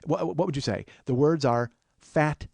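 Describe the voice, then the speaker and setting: A man hosting a podcast, riffing in casual comedic banter, profane and building to loud enthusiasm. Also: on the high side, normal speed, gravelly, no room sound. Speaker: podcast host.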